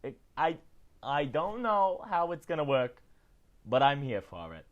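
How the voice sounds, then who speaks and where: A man's voice: a little high, unhurried, dull audio. Chatty man hosting celebrity news. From not British. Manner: chatty, animated, keeps tagging lines with "okay?". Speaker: host. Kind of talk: casual celebrity news commentary.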